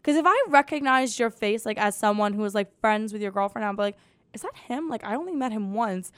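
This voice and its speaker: A woman's voice: mid-range voice, lively intonation, a little fast, a bit bright, clean tone, no echo. A young woman hosting a casual comedy podcast, sarcastic and swearing freely, mocking quotes in put-on voices. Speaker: podcast host.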